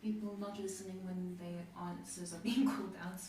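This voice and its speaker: A woman's voice: on the low side, little pitch movement, normal speed, over music. A woman co-hosting as moderator. She reads out viewer questions and chats lightly, laughing easily. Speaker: co-host and chat moderator. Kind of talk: reading viewer questions, casual chat. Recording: distant, very echoey mic with background noise.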